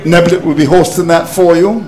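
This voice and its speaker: A man's voice: on the high side, fairly even intonation, fairly quick, a little mellow, faint music behind, low-quality recording. A man commentating cricket on radio, exasperated at his team's collapse and repeating phrases for emphasis.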